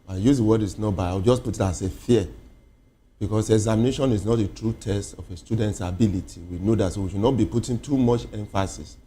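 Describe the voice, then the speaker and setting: A man, an educationist guest on a TV interview, explaining slowly with many pauses and fillers. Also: on the low side, mellow, breathy edge. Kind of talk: TV studio interview.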